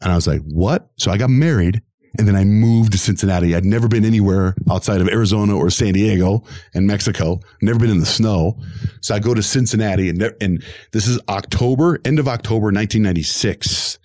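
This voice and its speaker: During an interview, a middle-aged male radio host tells his career story briskly in a lowish voice, animatedly acting out the voices of people in it. The studio sound is clean with no echo.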